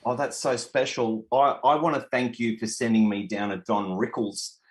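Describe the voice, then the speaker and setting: A man's voice: mid-range voice, fairly even intonation, moderate pace. A man hosting a television interview, upbeat and chatty. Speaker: TV host.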